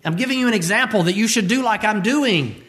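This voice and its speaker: A male preacher voicing a patient male teacher who explains calmly, within a sermon. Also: sits high, quick pace, pitched above the performer's own voice. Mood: instructive.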